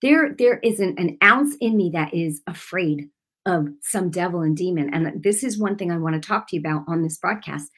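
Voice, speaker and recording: A woman minister telling a story in a broadcast sermon, speaking in an animated, emphatic way and laughing often. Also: fairly low pitch, moderate pace, husky.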